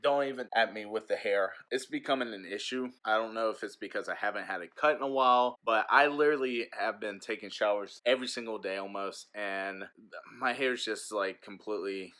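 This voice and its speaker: A man's voice: on the low side, fairly quick, bright, forceful tone. A man who teaches eighth grade, chatting frankly and telling stories in a casual vlog into a handheld phone.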